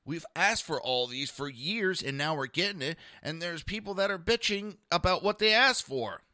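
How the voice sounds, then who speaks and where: A man's voice: fairly high pitch, lively intonation, moderate pace, pushed and bright, no room sound, studio quality. A man hosting a political talk podcast, ranting bluntly and sarcastically with lots of profanity and talking to his live listeners. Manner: talks to listeners in a live chat. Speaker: podcast host.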